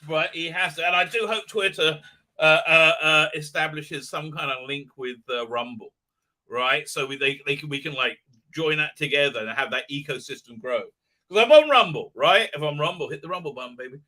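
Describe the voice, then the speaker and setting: Middle-aged man, high bright voice, rambling blunt live-stream host. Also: moderate pace. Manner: rambling, many fillers, jokey and blunt. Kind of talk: casual live-stream commentary.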